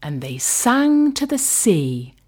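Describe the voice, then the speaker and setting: A woman reading a rhyming picture book aloud, lilting and slipping into soft whispers. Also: mid-range voice, sing-song, breathy edge. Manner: slow, lilting, drops to whispers. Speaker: storyteller.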